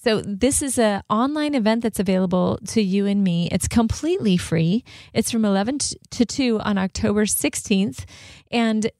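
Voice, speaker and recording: A woman's voice: mid-range voice, animated, normal speed, darkish tone, dry recording, clean studio sound. A woman co-hosting a faith radio talk show, encouraging and upbeat as she chats and promotes an event. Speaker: radio co-host.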